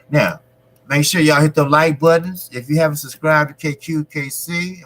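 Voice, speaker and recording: A man hosts his own boxing livestream, talking slowly and taking his time as he reads the chat. His voice is bright and forceful, with plenty of blunt, profane street banter. A faint hum sits under the recording. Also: medium pitch, poor audio. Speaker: boxing channel host reading live chat. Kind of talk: casual livestream talk.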